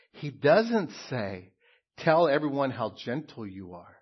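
A man preaching a sermon as a pastor, earnest and emphatic, with pauses and repeated phrases. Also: medium pitch, sing-song, breathy edge, muffled recording.

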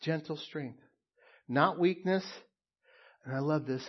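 A man delivering a sermon, speaking slowly and deliberately with a somewhat high voice. His tone is slightly husky, and he leans on repeated phrases for emphasis. The recording sounds a little dull and lo-fi. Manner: earnest, emphatic preaching with pauses and repeated phrases. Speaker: pastor.

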